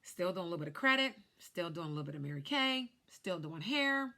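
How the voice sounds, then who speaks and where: A woman in her thirties, a life insurance agent, telling her story to camera in an animated way while glancing at cue cards. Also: fairly low pitch, a little fast, vocal fry. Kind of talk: casual talk to camera.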